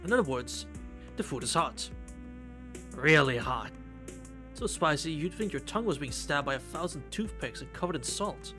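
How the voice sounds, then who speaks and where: A man's voice: fairly high pitch, animated, moderate pace. A man live-streaming a game, reading its text aloud and chatting, swearing freely. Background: game music.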